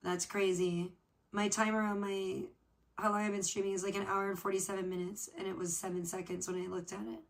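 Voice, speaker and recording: A woman's voice: mid-range voice, flat delivery, fairly quick. Rambling, cursing woman streamer. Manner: rambling, swears casually, trailing "I don't know". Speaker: livestream host. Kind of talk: casual chat with viewers. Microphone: off camera, not seen.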